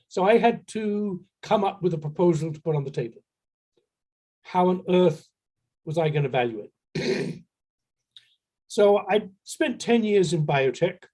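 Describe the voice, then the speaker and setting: A man's voice: high-pitched, darkish tone. A middle-aged man presenting a workshop, telling a story from his career with dry humor. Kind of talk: conference workshop talk.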